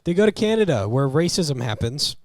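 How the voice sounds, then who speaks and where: A man's voice: fairly high pitch, very animated, fairly quick, no echo. A young man co-hosting a casual movie review podcast, joking around, laughing often and acting out lines from the film. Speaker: podcast co-host.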